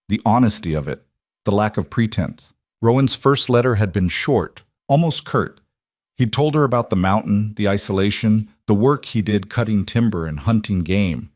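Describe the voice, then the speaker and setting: Low-voiced male story narrator, dry. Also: no echo. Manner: steady, measured storytelling. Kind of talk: scripted narration.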